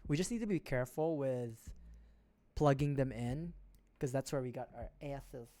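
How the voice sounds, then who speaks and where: A man's voice: mid-range voice, moderate pace, warm tone. A man from the Philippines who hosts a livestream, chatting casually and rambling with joking asides while building a model kit. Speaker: livestream host. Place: home streaming setup.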